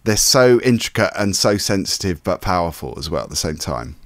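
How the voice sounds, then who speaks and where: A man co-hosting a film review show, giving earnest, measured praise in casual chat. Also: sits low, big pitch swings, no room sound, clean studio sound.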